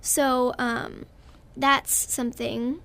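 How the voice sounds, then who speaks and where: A woman's voice: high-pitched, flat delivery, very slow, vocal fry, a crowd in the background. A young girl from Texas with a Texan accent, a guest actress in a radio interview, talking in a bubbly, earnest way and giggling often. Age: child.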